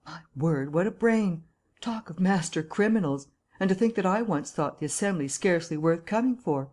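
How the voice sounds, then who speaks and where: A woman's voice: fairly low pitch, animated, normal speed, a little mellow, voice pushed up. A cheery, hearty young chap in a storybook, slangy and full of teasing good humour, as a woman reader puts him on. He jollies his friend along with easy banter. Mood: jovial. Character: jovial hearty young English gentleman journalist.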